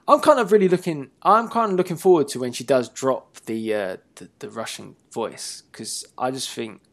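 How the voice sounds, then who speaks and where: A man's voice: medium pitch, animated, normal speed. A man hosting a wrestling talk show in casual chat, playful and teasing, often laughing and trailing off mid-sentence.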